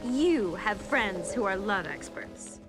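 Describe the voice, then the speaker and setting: A woman voicing an eager, naive young princess who rambles breathlessly in animated film dialogue, with music underneath. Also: mid-range voice, slow, poor audio. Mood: bubbly, defensive. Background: film score music.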